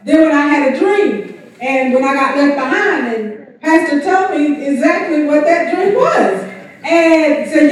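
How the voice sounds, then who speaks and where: High-voiced woman teaching in church. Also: lively intonation, unhurried. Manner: asks the congregation to fill in words. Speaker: Sunday school teacher. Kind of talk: church teaching with call-and-response. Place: large church hall. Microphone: room mic far from speaker. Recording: echoey church hall from far off.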